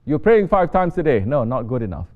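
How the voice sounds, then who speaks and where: A sheikh giving a sermon, mostly soft-spoken and rising to sharp emphasis when he scolds. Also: medium pitch, very animated, fairly quick. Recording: dull lo-fi recording with faint noise.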